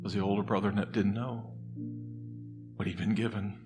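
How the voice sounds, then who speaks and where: A man preaching a sermon as a pastor, talking conversationally and earnestly, moving between soft, confiding stretches and loud, emphatic bursts. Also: on the low side, steady tone, normal speed. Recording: long reverb in a hall with music underneath.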